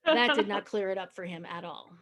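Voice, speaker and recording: A woman's voice: medium pitch, expressive, brisk, crowd noise. A woman in her fifties doing stand-up comedy, telling a long story in a conversational, self-deprecating way and chuckling as she goes.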